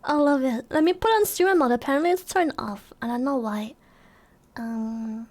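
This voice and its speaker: A woman streaming live in a casual chat, excitable and foul-mouthed, giggling often. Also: high voice, moderate pace.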